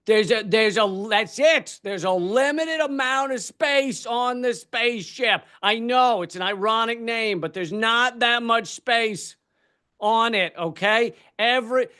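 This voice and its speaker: A high-pitched man ranting through a stand-up comedy bit, profane and animated. He swings from fast asides to bursts of shouting. His delivery is full of swearing and exasperation. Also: smooth. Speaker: comedian streamer.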